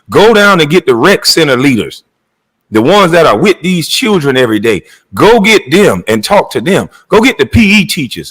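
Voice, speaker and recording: A man's voice: a little high, a bit bright, low-quality recording. A middle-aged man delivering a heated, blunt and profane monologue rant as a commentator.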